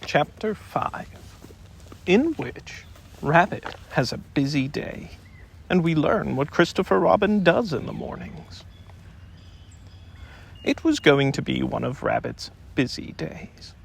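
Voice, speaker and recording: Lively gravelly male storyteller. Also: fairly high pitch, slow pace, pauses often. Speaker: audiobook narrator. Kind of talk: storybook audiobook narration.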